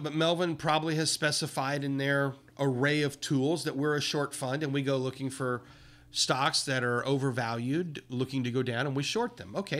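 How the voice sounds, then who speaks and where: A man hosting a livestream, talking casually with indignant, emphatic commentary that swings up and down in pitch. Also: fairly bright tone. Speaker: livestream host.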